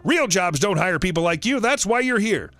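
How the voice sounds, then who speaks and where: A man's voice: high voice, lively intonation, normal speed, a bit bright, dry recording, faint music behind. A man voicing a rude gray-haired older woman who scolds and insults a shopper she takes for staff, in a storytelling reading. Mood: scolding.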